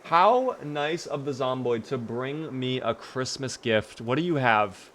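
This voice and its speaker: A man's voice: medium pitch, measured pace, a little hiss or hum. Chatty man streaming a game. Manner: chatty, talks to chat, bursts of excitement. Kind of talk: live game commentary.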